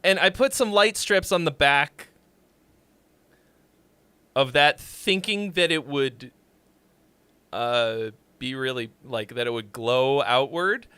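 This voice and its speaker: A man hosting a casual livestream, rambling and joking as he reviews songs, now and then shouting a greeting. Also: medium pitch, slow pace, long pauses, clear, resonant tone, no room sound. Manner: rambling, jokey, with sudden loud shouts.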